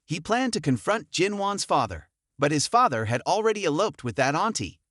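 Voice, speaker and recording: A man narrating a comic recap in a brisk, animated storytelling manner. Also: fairly high pitch, no echo, studio quality.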